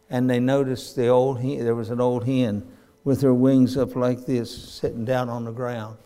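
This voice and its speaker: An older man, preaching a sermon in a folksy storytelling way that breaks into sudden loud cries. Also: mid-range voice.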